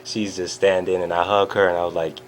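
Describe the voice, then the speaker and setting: A man vlogging an excited personal recap, telling a story with lots of fillers and acting out the quotes. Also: low voice, fairly quick, slight background noise.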